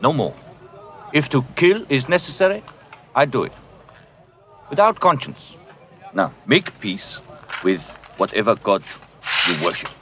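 An actor playing a cold, ruthless mercenary army captain, speaking with a German accent in slow, measured, menacing threats. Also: male voice, mid-range voice, big pitch swings, fairly bright tone. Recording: noisy outdoor film soundtrack.

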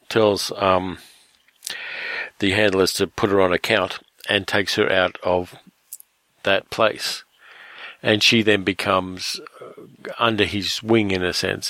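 A man reviewing a film in casual commentary, relaxed and retelling the plot with fillers. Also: low voice, dry recording.

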